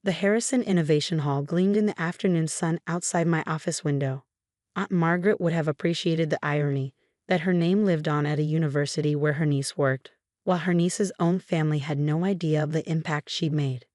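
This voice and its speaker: A woman reading a first-person family drama story in a calm, even narration. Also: low voice, fairly quick, no echo, clean studio sound.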